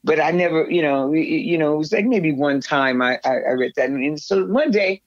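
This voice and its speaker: An older woman, a guest in an interview, recounting a memory in a rambling, animated way, often restarting her sentences. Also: low-pitched, a little fast, dry recording. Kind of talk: storytelling in a conversational interview. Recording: slightly dull, dry sound.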